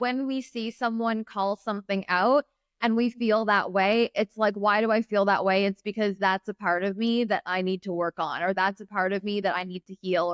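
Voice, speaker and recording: A woman's voice: mid-range voice, smooth, dry recording, clean studio sound. A woman guest on a podcast, a business mentor talking in an earnest, reflective way with lots of "like". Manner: reflective, earnest, filler-heavy with "like". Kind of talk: casual interview chat.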